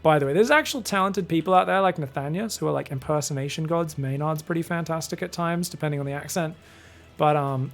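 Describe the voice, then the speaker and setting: A man's voice: fairly high pitch, fast talker, a bit bright. A man casting a game live on his own, chatty and rambling, talking straight to his viewers. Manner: chatty, rambling, talks to chat. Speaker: game caster. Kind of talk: live solo game commentary.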